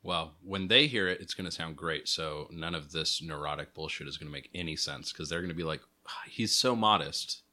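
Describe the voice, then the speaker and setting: A man's voice: extremely low pitch, a little fast, hardly any pauses, bright, forceful tone. A man, the show's producer, chatting casually in a dry, laid-back way. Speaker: podcast producer. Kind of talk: casual chat.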